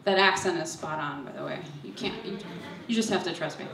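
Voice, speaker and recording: A woman's voice: fairly low pitch, fairly quick, very noisy. A young woman telling a personal story on stage, nervous and self-deprecating, laughing through her lines. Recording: echoey hall, voice from far off.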